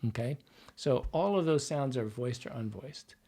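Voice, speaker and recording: A man's voice: medium pitch, expressive, moderate pace, mellow. A man speaking as a dialect coach on a podcast, with a medium voice. He talks patiently and explains step by step, often demonstrating sounds aloud as he teaches. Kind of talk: interview guest explaining accents.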